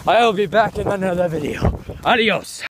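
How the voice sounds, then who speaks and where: A man telling a meandering story into his phone while outside in the cold, leaning on "of course" in nearly every sentence. His voice sits a little higher than most men's. Heavy wind roars across the mic the whole time. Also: normal speed. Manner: rambling, constantly repeats "of course". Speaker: vlogger. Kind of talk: casual rambling story vlog. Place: outdoors in the cold, walking. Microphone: handheld phone.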